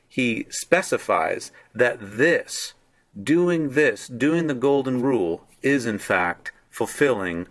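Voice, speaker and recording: A man walks through a Greek verse on screen at an unhurried pace. His voice sits at an ordinary middle pitch. He lingers on single words to stress them, like a patient teacher. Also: a bit bright. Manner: slow, deliberate, explaining word by word. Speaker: Bible scholar teaching Greek. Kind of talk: screen-share Greek lesson.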